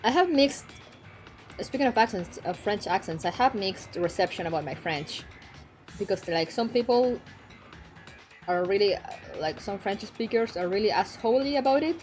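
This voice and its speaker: A young woman streaming and chatting casually, frank and quick to swear, laughing often. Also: medium pitch, animated, a little mellow. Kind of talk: casual chat. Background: faint background music.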